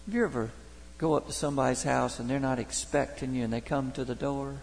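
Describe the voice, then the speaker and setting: Gravelly preacher in a hall. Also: male voice, medium pitch, fairly even intonation, quick pace, slight background noise. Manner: folksy storytelling, homespun humor. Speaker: Baptist pastor. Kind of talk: sermon. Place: church sanctuary. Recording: long reverb of a church hall.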